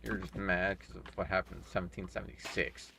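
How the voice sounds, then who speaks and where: A man's voice: deep voice, little pitch movement, fairly quick, vocal fry, noisy background. A man streaming a game, chatting in a laid-back, offhand way and swearing casually. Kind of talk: casual chat while gaming.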